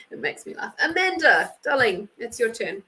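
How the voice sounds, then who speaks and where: An Australian woman chatting on a live stream, in an unhurried, leisurely way. Her voice sits a little high, and she laughs often while thanking viewers by name. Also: sing-song, bright, forceful tone, rough recording. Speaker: intuitive reader and live stream host. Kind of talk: casual live-stream chat.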